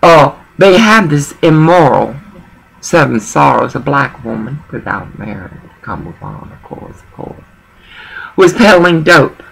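A woman's voice: low voice, sing-song, measured pace, gravelly, slightly rough, rough recording. A woman talking in a rambling personal monologue, emotional and digressive, often repeating herself.

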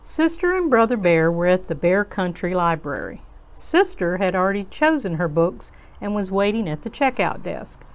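A woman reading a children's storybook aloud to kids as host, in a slow, gentle, expressive way. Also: fairly low pitch.

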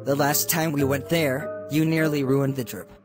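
Guy doing a stern dad dinosaur for a cartoon, bossy, bit high, faint music behind. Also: fairly even intonation, normal speed, lightly acted. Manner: stern, scolding.

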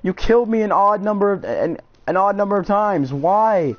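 Man, higher voice with lots of swing, excitable and argumentative while gaming. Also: normal speed. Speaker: gamer on a live broadcast. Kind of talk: casual chat while gaming. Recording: muffled lo-fi audio.

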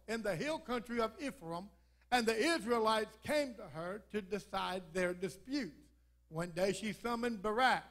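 A pastor with a noticeably high voice delivers a church sermon. He shifts from scripture reading into folksy, humorous storytelling, leaning on a preacher's rhythmic cadence. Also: a bit bright. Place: church sanctuary.

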